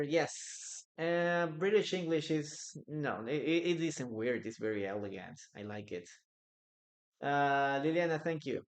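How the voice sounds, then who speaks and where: A man with a Peruvian Spanish accent teaches English in a live online class, answering questions viewers post in the chat. His voice sits at medium pitch with a slightly bright quality. The room is echoey.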